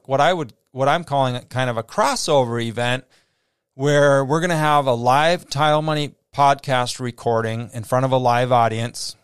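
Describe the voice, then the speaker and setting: A man's voice: mid-range voice, clear, resonant tone, no room sound, clean studio sound. A man with a Midwestern American accent hosting a solo podcast, talking casually with many fillers and restarts. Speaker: podcast host. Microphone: close podcast mic.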